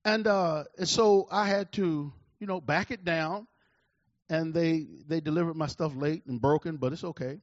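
A man in his forties preaching a sermon, calling out to the congregation and swinging between loud declarations and hushed, slow asides. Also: on the high side, dry recording, dull audio. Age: 40s. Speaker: pastor.

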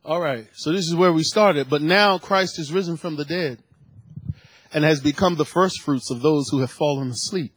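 A man preaching a sermon, reading scripture and rising into shouted, emotional fervor. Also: fairly high pitch, normal speed, breathy edge, no room sound. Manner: builds from calm teaching to shouted, emotional fervor; reads scripture aloud between comments.

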